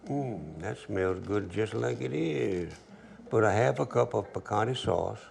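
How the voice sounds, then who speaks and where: Give me an older man with a deep gravelly drawl, chatting through a cooking demo. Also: measured pace, slight background noise. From Louisiana. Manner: relaxed drawl, storytelling asides. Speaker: cooking show host. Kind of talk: folksy cooking demonstration.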